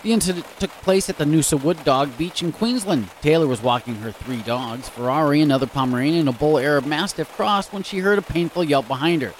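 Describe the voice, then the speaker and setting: A man's voice: fairly high pitch, a little fast, hardly any pauses, slight background noise. A man hosting a music show, reading weird news stories in a chatty, casual way and reacting aloud. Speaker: radio show host.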